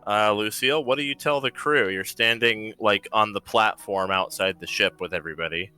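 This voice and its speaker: Bright-voiced man running a tabletop game. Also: lowish voice, normal speed, smooth. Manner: describes scenes loosely with fillers. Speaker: game master.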